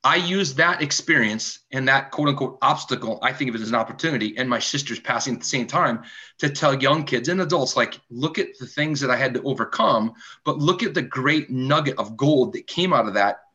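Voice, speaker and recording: On a podcast, a male guest with a medium-pitched voice tells a personal story at a brisk pace. He is animated and acts out the dialogue, and the audio is dull and lo-fi.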